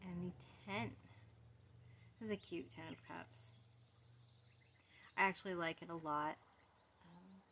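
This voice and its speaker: A woman giving a casual walkthrough of a tarot deck, soft-spoken and fond as she muses over each card. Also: lowish voice, little pitch movement, measured pace, long pauses, a little hiss or hum.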